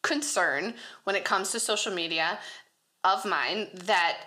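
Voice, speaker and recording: A woman co-hosting a podcast, chatting casually in an animated way and laughing often. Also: on the low side, a little slow. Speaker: podcast co-host. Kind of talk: casual chat.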